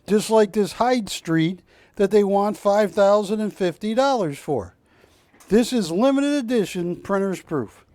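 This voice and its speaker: A man's voice: high voice, expressive, measured pace, darkish tone, no echo. A man hosting a live shopping channel show, chatty and joking with his crew as he sells art prints in a studio. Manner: chatty, jokey, rambling asides to crew. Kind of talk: live TV sales pitch.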